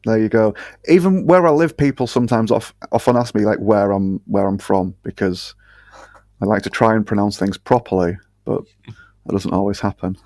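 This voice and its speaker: A man with a Northern English accent and a lowish voice, talking bluntly on a podcast and swearing as he rants. He often slips into mocking quoted voices. The sound is dry and close, with no room echo. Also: normal speed, warm tone. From North England. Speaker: guest. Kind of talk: casual podcast chat.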